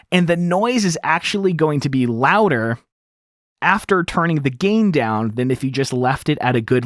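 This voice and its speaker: An animated man hosts a casual audio tutorial, explaining things step by step as he demonstrates. His voice sits at an ordinary middle pitch for a man. It is captured on a close studio microphone with a dry sound and almost no room echo. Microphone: studio microphone through an audio interface.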